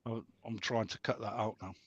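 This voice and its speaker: A man's voice: on the low side, fairly even intonation, fairly quick, dry recording. A man telling blunt, sweary stories in a casual group chat over a video call. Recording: dull lo-fi call audio.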